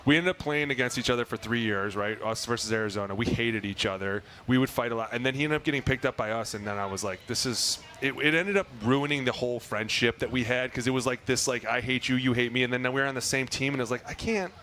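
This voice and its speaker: Brief: excitable male co-host, bright forceful tone, live show with faint ambience. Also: mid-range voice, fast, hardly any pauses, a little hiss or hum. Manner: excitable, acts out quotes. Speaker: podcast co-host, former lineman. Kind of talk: casual chat at a live show. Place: outdoor fair stage.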